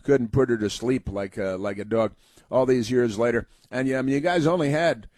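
A man's voice: medium pitch, normal speed, darkish tone, no echo. Sarcastic rambling male talk host. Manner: sarcastic, rambling, many fillers and restarts. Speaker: political commentary host. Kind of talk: talk radio monologue.

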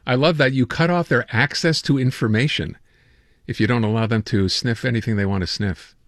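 A man's voice: mid-range voice, brisk, fairly bright tone, no room sound, clean studio sound. A man hosting a radio show, chatting casually and joking about news stories, stumbling over words now and then. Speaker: radio host. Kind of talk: casual talk radio banter.

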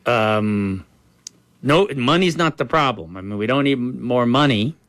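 A man's voice: mid-range voice, animated, measured pace, a bit bright, dry recording. A man as a political guest, answering in a frank, earnest conversational way and often saying "you know".

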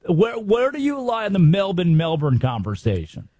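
An American man in a sports talk studio runs the show in a brisk, opinionated voice that sits slightly high. The recording is close and dry. He stacks rhetorical questions to push his takes. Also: huge pitch swings, a little mellow, dry recording. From United States. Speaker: sports radio host.

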